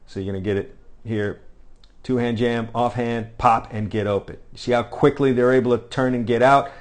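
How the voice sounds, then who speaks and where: A man's voice: mid-range voice, steady tone, normal speed. A man coaching defensive backs, talking over video of a drill and repeating short cues with frequent "all right?" checks. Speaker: football coach.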